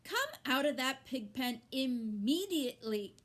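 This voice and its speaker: A woman's voice: high-pitched, lively intonation, unhurried, a little mellow, pitched above the performer's own voice. A woman reading aloud and voicing a stern farm mother who scolds her son. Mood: scolding.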